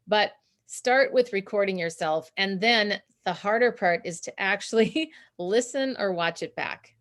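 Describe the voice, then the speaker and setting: A woman's voice: on the low side, fairly bright tone. A woman guest on a video call, giving coaching advice in an interview and laughing often as she explains. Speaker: guest, communication consultant.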